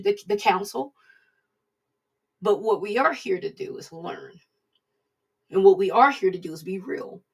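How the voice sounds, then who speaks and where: Husky woman preacher, casual sermon, talks right at you, kinda far from the mic. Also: fairly low pitch. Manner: plain-spoken, conversational, addresses listeners directly. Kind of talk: informal recorded sermon.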